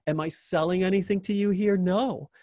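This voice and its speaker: A man's voice: high-pitched, steady tone, normal speed, a little mellow, no room sound, clean studio sound. A man hosting an interview, wrapping up with an enthusiastic, joking endorsement of his guest, often repeating phrases for emphasis. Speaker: interview host.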